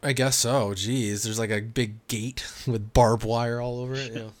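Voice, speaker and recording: A man co-hosting a podcast in casual chat, wry and quick to laugh. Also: medium pitch, steady tone, no room sound. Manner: wry, laughs often, loose joking tone. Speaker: podcast co-host.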